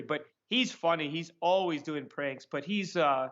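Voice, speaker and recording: A man telling sarcastic, animated anecdotes as a guest in a casual interview. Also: fairly high pitch, normal speed, muffled recording. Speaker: magician guest.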